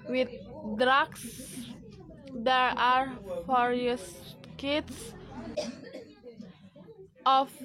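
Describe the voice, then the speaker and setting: A woman's voice: a little high, low-quality recording. A woman who is not a native English speaker gives a class presentation, reading hesitantly and restarting words. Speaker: student presenter.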